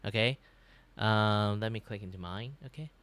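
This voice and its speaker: A young man from Malaysia with a Malaysian English accent, chatting casually on a livestream in an animated, rambling way, with many restarts and laughs. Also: on the low side, normal speed, dry recording. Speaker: VTuber streamer.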